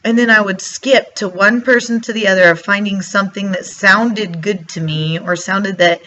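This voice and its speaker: A woman's voice: medium pitch, fairly even intonation, moderate pace, sharp tone, slight background noise. A woman giving casual motivational talk in a vlog, chatty, acting out her own past thoughts. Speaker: vlogger. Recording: slightly dull lo-fi sound.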